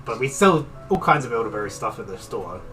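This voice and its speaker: A woman voicing a courteous high elf woman innkeeper who talks in a polite, matter-of-fact way. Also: very animated, fairly quick, recorded from a distance, over music. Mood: obliging.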